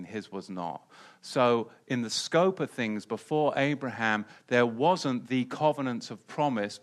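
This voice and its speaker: A man's voice: mid-range voice, fairly bright tone. Preacher, male, mid-range voice, emphatic Bible teaching with repeated phrases.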